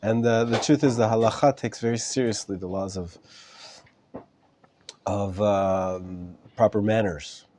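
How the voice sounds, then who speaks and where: A man with a lowish, mellow voice leads a live class as its rabbi, talking in a relaxed and chatty way and slipping in a joke now and then. He is getting over an illness, so his voice is not at full strength. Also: unhurried, a little hiss or hum. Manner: relaxed, chatty, joking with students. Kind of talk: casual live class, answering questions.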